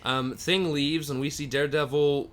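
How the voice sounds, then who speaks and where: A man's voice: a little high, steady tone, normal speed. A man co-hosting a podcast, casually recapping comic book plots at length with dry jokes. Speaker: podcast co-host.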